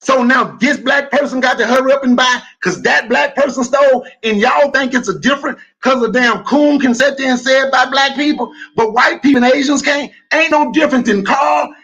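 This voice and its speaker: A man, co-hosting a podcast livestream, arguing loudly and combatively and repeating his points. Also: very high voice, breathy edge, highs cut off. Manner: loud, combative, repeats himself. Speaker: podcast co-host. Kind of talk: heated livestream debate.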